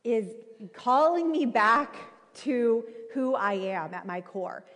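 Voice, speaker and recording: A woman in her thirties preaching a sermon, telling a personal story in a conversational, animated way with many fillers. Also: a little high, slow pace. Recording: reverberant hall.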